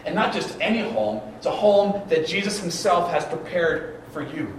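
A man preaching a sermon as a pastor, telling stories in an animated way and acting out the dialogue with stammered restarts. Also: on the high side, moderate pace. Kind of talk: storytelling sermon. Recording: very echoey room, distant mic, background noise.

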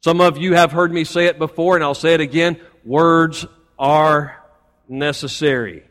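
A man's voice: on the high side, steady tone, moderate pace, a bit bright. A man preaching a Sunday sermon as pastor, building to emphatic points between folksy asides to the congregation. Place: church sanctuary. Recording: long hall reverb.

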